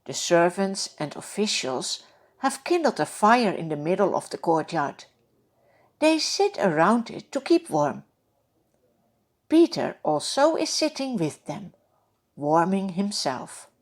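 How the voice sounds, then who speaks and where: A woman narrating a Bible story for children, reading slowly and expressively and asking her young listeners direct questions. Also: fairly low pitch, big pitch swings.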